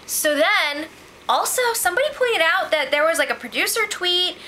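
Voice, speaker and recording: A woman's voice: extremely high pitch, lively intonation, normal speed, pushed and bright. A woman recapping a reality show in a casual vlog, chatty and opinionated, saying "like" a lot. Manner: chatty and opinionated, heavy use of "like".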